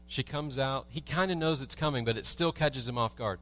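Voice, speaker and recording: A man's voice: mid-range voice, normal speed, few pauses, fairly bright tone. A man preaching a sermon as a pastor in a church, telling everyday stories with humor and asking the congregation rhetorical questions. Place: church sanctuary.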